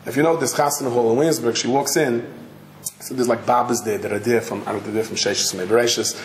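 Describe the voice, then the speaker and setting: A rabbi telling a story in a sermon, animated and dramatic. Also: male voice, mid-range voice, quick pace. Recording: echoey hall, faint noise.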